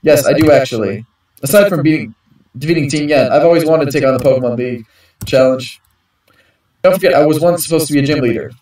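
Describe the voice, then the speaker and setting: A man's voice: on the high side, fast, a little mellow, close to an everyday voice. A man voicing a determined young woman from the city while reading game dialogue aloud, in an earnest way. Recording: echoey, distant from the mic.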